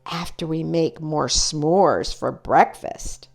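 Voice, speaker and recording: A woman's voice: low voice, slow pace, vocal fry, exaggerated voice. A woman doing a young moose telling spooky stories. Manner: spooky, theatrical storytelling. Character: young male moose, playful storyteller.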